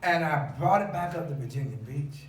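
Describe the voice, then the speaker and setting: A man preaching a story, laughing often and rising to shouts. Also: a little high, expressive, normal speed. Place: church. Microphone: far camera. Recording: echoey church from far off, loud congregation.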